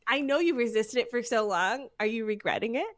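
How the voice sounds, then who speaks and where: A woman's voice: a little high, brisk. A woman guest on a podcast, chatting casually and playfully.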